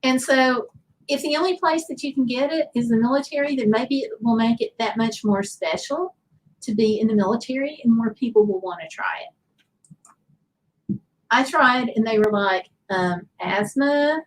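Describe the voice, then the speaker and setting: Hosting a laid-back livestream, this Southern-accented woman rambles and chats, pausing to read comments from viewers out loud. Her voice sits a little high, and the rough recording carries a slight hiss or hum.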